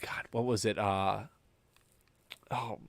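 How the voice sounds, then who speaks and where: A man's voice: on the low side, steady tone, takes it slowly, gravelly, dry recording, studio quality. A young adult man co-hosting a podcast, chatting casually and rambling with enthusiasm about movies. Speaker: podcast co-host.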